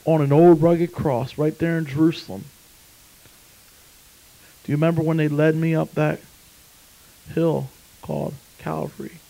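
A man preacher voicing Jesus, calm and earnest, speaking low and hushed. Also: a little slow, creaky, pauses often, low-quality recording. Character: Jesus, pleading calmly before a judge, male.

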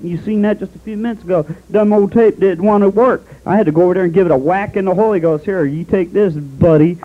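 High-voiced Southern preacher man. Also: phone-quality sound. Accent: Southern American. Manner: folksy, calls listeners honey, fires rhetorical questions. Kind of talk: sermon.

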